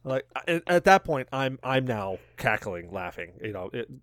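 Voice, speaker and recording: A man's voice: mid-range voice, sing-song, moderate pace, a bit bright, dry recording. A man co-hosting a podcast, telling a story in casual chat, laughing often and acting out what people said. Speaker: podcast co-host.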